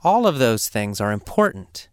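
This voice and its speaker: A man teaching English learners in a slow, emphatic, deliberate way, now and then dropping to a hushed aside for effect. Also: medium pitch, sing-song, clean tone, no echo, studio quality. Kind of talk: spoken lesson to learners.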